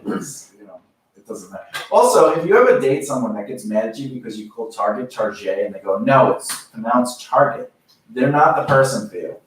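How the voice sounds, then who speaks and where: A lively man with a New York accent swings his voice up and down as he tells stories and laughs often in casual chat. He sounds far from the mic in a very echoey room. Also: mid-range voice, fast, slight background noise. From Long Island, New York. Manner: animated storyteller, laughs often. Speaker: podcast co-host.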